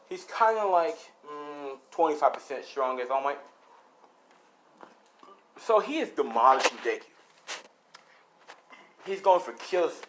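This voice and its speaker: A man improvising a fan-fiction story out loud, rambling and correcting himself as he goes. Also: medium pitch, a little hiss or hum, low-quality recording. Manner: rambling, self-correcting, many fillers.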